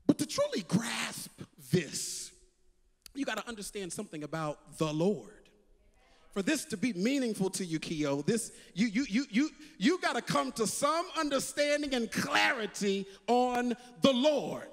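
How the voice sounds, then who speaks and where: A man preaching a sermon as pastor, repeating words as he builds and swinging from loud calls to hushed quotes. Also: very high voice, expressive, moderate pace, in a large hall.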